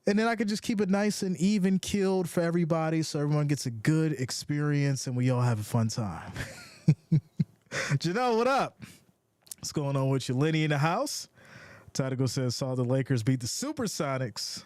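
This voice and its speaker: A man's voice: fairly high pitch, expressive, normal speed, darkish tone, no room sound. A man with a New York accent hosting a casual live sports stream, upbeat and greeting viewers, often repeating his phrases.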